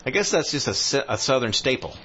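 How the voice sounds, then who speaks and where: A man's voice: mid-range voice, big pitch swings, bright, forceful tone, muffled recording. A man co-hosting a local talk show, joking in casual chat with stops and restarts. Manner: joking, rambling, halting restarts. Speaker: co-host of local afternoon show.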